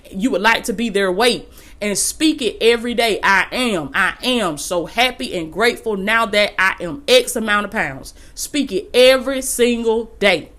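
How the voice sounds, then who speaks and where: A woman's voice: fairly high pitch, fairly bright tone. A woman hosting a podcast, giving a motivational faith-based talk in a folksy, preachy way, repeating phrases for emphasis and calling listeners y'all. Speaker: podcast host and life coach.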